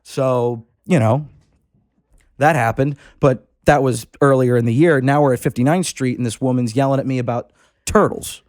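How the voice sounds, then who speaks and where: A man's voice: mid-range voice, normal speed, a little mellow, no echo. Podcast guest, man, mid-range voice, rambling swear-laden storyteller, dry room. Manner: rambling, profane anecdote-telling with frequent restarts. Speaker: podcast guest, fishing club member. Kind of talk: casual storytelling.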